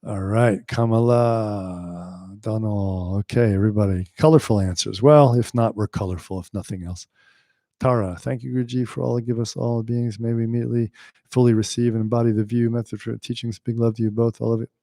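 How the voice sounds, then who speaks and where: A man teaching yoga on a live stream, telling lively stories and answering questions from the chat, often laughing and acting out the voices of people he quotes. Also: fairly low pitch, a little fast, no echo, clean studio sound.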